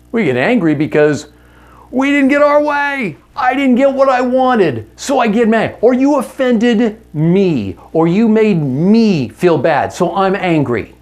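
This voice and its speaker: A man's voice: on the high side, darkish tone. A man teaching a marriage seminar to other men, talking in an earnest, direct and conversational way, often asking his listeners rhetorical questions and correcting himself mid-sentence. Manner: candid and conversational with self-corrections.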